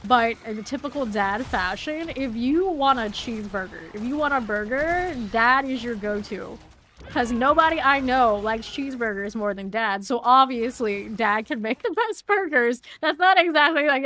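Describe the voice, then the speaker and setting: A woman, chatting casually while streaming a video game, chatty and quick to laugh. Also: a little high, sharp tone, a little hiss or hum. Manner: chatty, laughs often, trails off. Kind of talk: casual chat while gaming.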